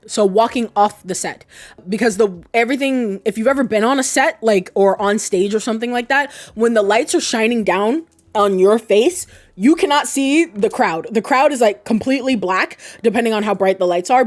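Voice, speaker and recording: A woman chatting casually through a game theory video, retelling scenes with quoted lines and frequent laughs. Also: medium pitch. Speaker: video essay creator.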